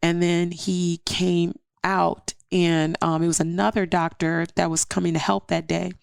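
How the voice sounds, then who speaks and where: A woman's voice: fairly low pitch, little pitch movement, measured pace, gravelly, clean tone, no room sound, studio quality. A woman guest telling a personal story in an interview, earnest and step by step, acting out what others said. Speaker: podcast guest.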